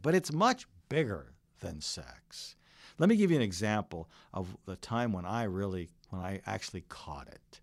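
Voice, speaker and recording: A man's voice: lowish voice, no room sound. A middle-aged man preaching a sermon as pastor, earnest and full of stories. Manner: earnest, storytelling preacher who varies his delivery.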